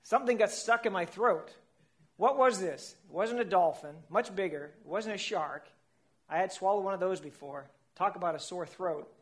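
A man tells a comic first-person story, speaking as a whale, in a playful voice that sits fairly high for a man. He often breaks into laughter at his own lines. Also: normal speed.

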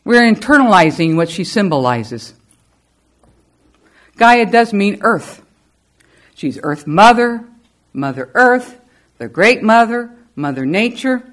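A woman in middle age speaks to her congregation at a slow, deliberate pace. Her voice rises and falls in wide, animated swings as she tells her stories. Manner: lively storyteller with animated pitch. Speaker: service leader. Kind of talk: spiritual talk to a congregation.

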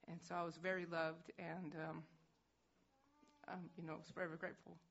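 A woman telling an audience her own story in a halting, candid way, full of fillers and restarts. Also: fairly low pitch, little pitch movement, vocal fry. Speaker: speaker sharing a personal story. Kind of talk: personal talk to an audience. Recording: dull, muffled recording with faint noise.

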